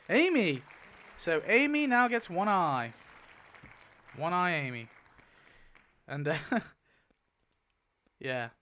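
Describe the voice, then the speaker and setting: Man, casual wheel-spinning commentary, laughs a lot, smooth clear voice. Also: on the high side, takes it slowly, long pauses. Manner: excitable, laughing, mumbles lists to himself. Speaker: YouTuber.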